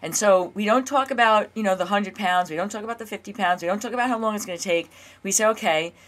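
A woman's voice: medium pitch, fast talker, a bit bright. A woman coaching listeners in a casual monologue, chatty, often checking in with "okay?" and fillers. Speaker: weight loss coach and podcast host.

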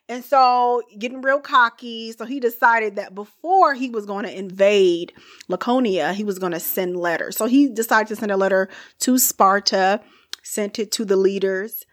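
A woman's voice: medium pitch, normal speed. A woman hosting a podcast, casually telling a history story with playful, chatty asides and frequent laughter.

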